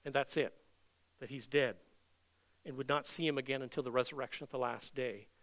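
A man preaching an expository sermon, reading scripture aloud earnestly and slowing down to stress the quoted words. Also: mid-range voice, steady tone, fairly bright tone.

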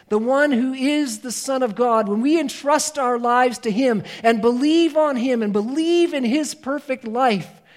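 Male preacher with a high voice, earnest and emphatic, swings between loud and hushed. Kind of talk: sermon.

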